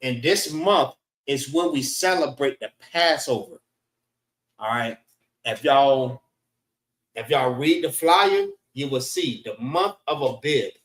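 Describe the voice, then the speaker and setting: A man leads a casual class, talking in an easygoing way and pausing on "all right" between points. His voice sits at an average pitch. The room around him is echoey. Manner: relaxed, repeats "all right" often. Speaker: class teacher. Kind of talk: teaching a class.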